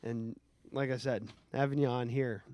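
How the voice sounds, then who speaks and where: A man hosting a podcast, telling stories in a lively, swearing, laughing way. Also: medium pitch, moderate pace. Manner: animated storyteller, swears, laughs often. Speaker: podcast host. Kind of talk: casual chat.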